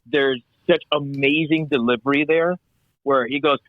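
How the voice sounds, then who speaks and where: A man's voice: mid-range voice, fairly even intonation, moderate pace, dry recording, phone-quality sound. A man in a casual podcast chat, enthusiastically talking about favorite movie scenes. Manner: enthusiastic, laughs, quotes movie lines. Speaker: podcast co-host.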